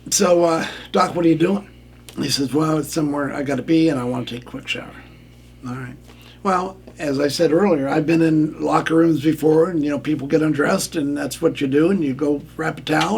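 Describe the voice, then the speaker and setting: Gravelly older man telling a story. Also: fairly high pitch, a little hiss or hum. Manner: plainspoken, acts out quoted lines. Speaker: guest, former referee. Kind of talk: candid storytelling.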